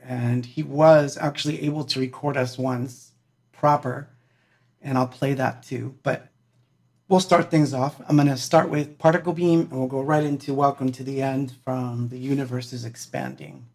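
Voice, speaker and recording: A man's voice: medium pitch, a little mellow. A man, a musician hosting a livestream, chatting casually and rambling with lots of fillers and laughs.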